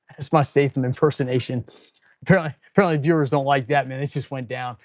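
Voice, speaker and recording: A man's voice: a little high, animated, brisk, no room sound, studio quality. Laid-back chatty mechanic guy. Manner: laid-back, chatty, talking to viewers, says "dude" and "man". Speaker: auto mechanic and channel host. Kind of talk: casual live-stream chat while working. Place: auto repair shop.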